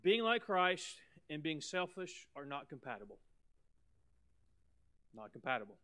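A man preaching a sermon as pastor, emphatic, repeating words and swinging between loud and soft. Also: high voice, very animated, moderate pace, smooth.

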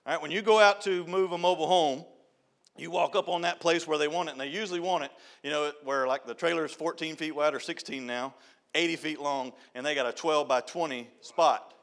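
A man's voice: fairly high pitch, fairly even intonation, fairly quick. Joking preacher man. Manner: storytelling, joking, shouts and laughs at punchlines. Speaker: youth director preaching. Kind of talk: folksy sermon. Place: church sanctuary.

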